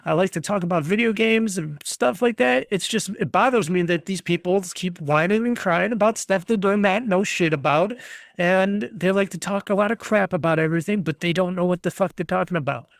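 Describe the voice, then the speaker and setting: A middle-aged man from the United States rants bluntly on his solo podcast, swearing as he goes. His voice sits high for a man and carries a gravelly, rough edge. The sound is dry and close, with no room around it. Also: brisk, no room sound. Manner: blunt, ranting, swears freely. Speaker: podcast host.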